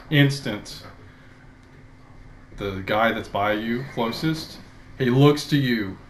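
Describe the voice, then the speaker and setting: A man narrating a tabletop game as dungeon master, in a slow, dramatic storytelling manner, speaking into a headset. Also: fairly low pitch, fairly bright tone, a little hiss or hum.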